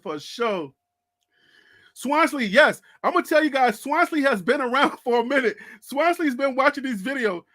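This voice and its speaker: A man with a high voice hosts a sports fan channel in a casual live-stream chat. He speaks animatedly, laughs often and calls out to his viewers by name. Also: lively intonation, normal speed, pushed and bright.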